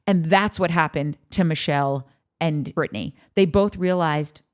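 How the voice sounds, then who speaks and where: A woman's voice: low-pitched, moderate pace. A woman hosting a podcast, chatting casually and animatedly, swearing freely and breaking into acted-out quotes. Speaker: podcast host. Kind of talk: casual commentary on a reality show.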